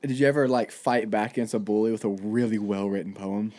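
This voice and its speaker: A man's voice: fairly low pitch, flat delivery, fairly quick, darkish tone. A man hosting a comedy podcast in a casual chat, playful and laughing a lot as he sets up silly bits. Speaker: podcast host.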